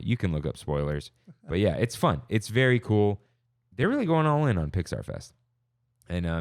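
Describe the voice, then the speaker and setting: This podcast host has a low, clean-toned voice, recorded in clean studio sound with no echo. He chats casually and upbeat, rambling and frequently breaking off mid-thought.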